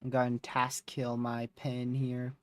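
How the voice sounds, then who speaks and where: A man's voice: medium pitch, measured pace, dry recording. A tired, yawning man hosting a weather livestream, casually rambling through a recap of past days. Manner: rambling, relaxed recap with fillers. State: exhausted, yawning. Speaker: storm chaser livestream host.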